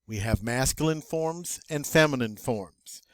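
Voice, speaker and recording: A man teaching French vocabulary as a lesson, slow and playful with little jokes along the way. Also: medium pitch, lively intonation, fairly bright tone, no echo. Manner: slow, playful, jokey asides.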